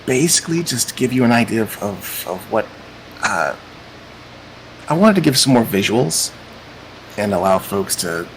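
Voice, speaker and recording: A man hosts a casual tabletop game as its game master. He talks in a loose, rambling way, and his pitch swings up and down a lot. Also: gravelly, fairly bright tone, a little hiss or hum, poor audio. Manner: chatty, meandering, repeats "cool".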